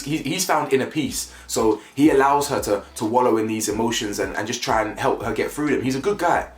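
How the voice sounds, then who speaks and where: A man giving casual, animated commentary as a reality TV reviewer, often repeating himself and asking "you know what I'm saying". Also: medium pitch. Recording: echoey room with faint music.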